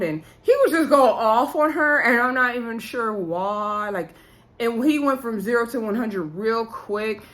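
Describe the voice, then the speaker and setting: Speaking at normal speed in a fairly high, slightly bright voice, this young woman gives a chatty reality-show recap. She voices the cast's lines herself and peppers her talk with "like" and "um".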